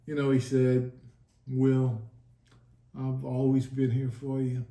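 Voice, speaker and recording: A man's voice: mid-range voice, completely flat delivery, takes it slowly, warm tone. A man telling his testimony in a casual sit-down talk, earnest and emotional, acting out the dialogue he recalls. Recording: echoey room.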